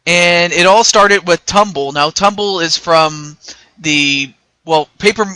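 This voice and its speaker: A man's voice: sits high, takes it slowly, sharp tone, clear, resonant tone, dry recording. An American man hosting a casual interview, talking hesitantly with many fillers and restarts. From United States. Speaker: interview host.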